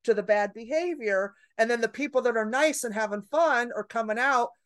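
A woman's voice: on the high side, fairly quick, fairly bright tone. A woman comedian telling a story in a podcast conversation, brash and profane, acting out the people in it. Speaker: comedian guest.

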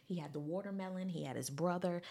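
A woman giving a sassy, animated recap of a music event, with mock-incredulous asides. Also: lowish voice, fast talker. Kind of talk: casual recap monologue.

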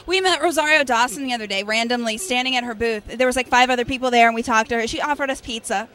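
A woman's voice: a little high, fast talker, fairly bright tone, slight background noise. A woman in costume at a convention, chatting in a bubbly, flirty way. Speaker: guest in costume. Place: convention floor.

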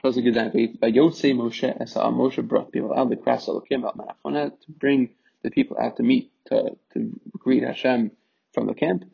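Gravelly man teaching a Torah text. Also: medium pitch, steady tone, brisk. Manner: reads Hebrew then explains in English, with fillers and restarts. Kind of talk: text study lesson, translating Hebrew line by line. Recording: muffled lo-fi recording.

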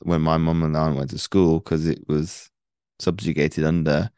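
A man's voice: rumbling low, flat delivery, normal speed, darkish tone, clear, resonant tone, dry recording. A man hosting an interview, asking long, rambling questions with many restarts. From North Wales. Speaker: podcast host. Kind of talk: casual interview.

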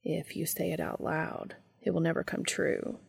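A woman's voice: on the low side, moderate pace, no room sound, studio quality, heavily acted. Castiel, a woman whispering as a shy young man. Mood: tender. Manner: hushed, breathy whisper. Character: shy young man, gentle, soft-spoken.

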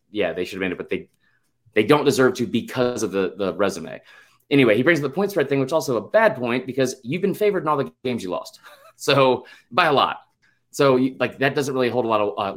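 A man's voice: mid-range voice, fairly bright tone. A young man co-hosting a casual sports podcast, talking in long rambling runs with frequent restarts, fillers and swearing. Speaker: podcast co-host.

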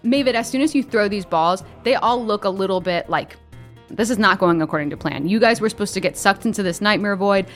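Lively woman game master. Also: mid-range voice, a little fast, soft background music. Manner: lively, laughs often, descriptive. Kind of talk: narrating a tabletop game.

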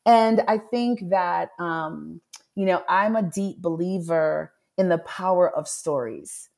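A woman's voice: lowish voice, slow, gravelly, a little mellow. A middle-aged woman, an author being interviewed, telling a personal story earnestly and voicing her own thoughts aloud. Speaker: author and guest. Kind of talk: candid interview conversation.

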